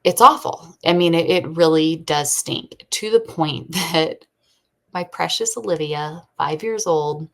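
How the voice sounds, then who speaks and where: A woman in her thirties hosting a casual faith podcast from home, telling family stories with lively quoting and talking earnestly. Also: low-pitched, measured pace, gravelly. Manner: chatty storyteller, animated quoting, earnest faith talk. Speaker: podcast host and homeschooling mother. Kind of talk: casual chat. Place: at home during a thunderstorm.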